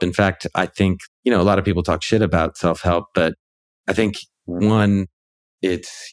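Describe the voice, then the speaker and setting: A man who is a ghostwriter and author, a guest in a casual conversation, talking through his ideas reflectively with many fillers. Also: low voice.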